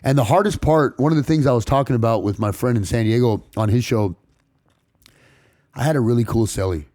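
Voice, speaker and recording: A man from California's San Fernando Valley, a podcast guest telling a personal story in rapid, profane street talk full of restarts. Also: mid-range voice, darkish tone, dry recording, studio quality. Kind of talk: casual storytelling interview.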